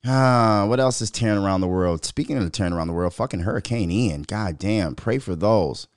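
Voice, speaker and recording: A man hosting a podcast, ranting in a profane, animated, mocking way and laughing between remarks. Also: lowish voice, brisk, no echo, clean studio sound. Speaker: podcast host. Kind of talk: casual commentary rant.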